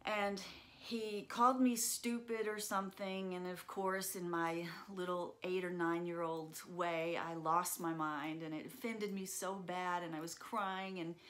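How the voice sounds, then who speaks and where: A woman with a notably low voice recounts a personal story. She talks in an earnest, reflective way, pausing often with fillers. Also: steady tone, a bit bright.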